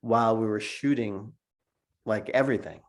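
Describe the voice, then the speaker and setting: A man's voice: lowish voice, normal speed. A middle-aged man, a cartoonist, telling stories in a casual interview over a video call, laughing often and repeating words as he goes. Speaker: cartoonist guest.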